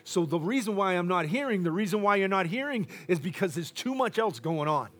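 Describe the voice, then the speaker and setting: A man's voice: sits high, expressive, brisk. Boisterous man preaching a sermon. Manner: loud and boisterous, drops to a hush at times.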